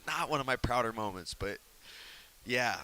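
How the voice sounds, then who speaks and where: A man telling a story in a casual interview, animated and laughing, acting out quotes in hushed whispers. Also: mid-range voice, moderate pace. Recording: faint hiss.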